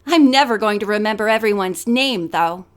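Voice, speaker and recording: A woman's voice: mid-range voice, expressive, moderate pace, lightly acted. Brief: starstruck teen girl, gushing, read by a woman narrator. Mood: eager. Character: excitable, starstruck teenage girl.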